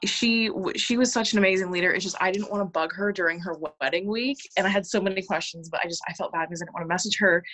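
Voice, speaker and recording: A woman on a video call sharing her personal story, nervous and halting, with frequent laughs and restarts. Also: mid-range voice, a bit bright.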